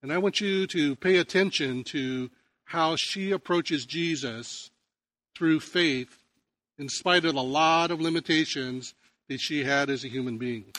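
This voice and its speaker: A pastor preaching in a conversational way, telling stories and often restarting phrases. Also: male voice, a little high, unhurried, a bit bright. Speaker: pastor and teacher. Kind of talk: sermon.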